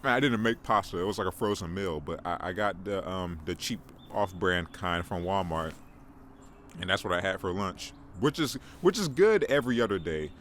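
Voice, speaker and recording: A man's voice: sits low, animated, moderate pace, fairly bright tone, a little hiss or hum. A young man hosting a casual podcast monologue, rambling and self-mocking, often stammering and repeating words. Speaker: podcast host.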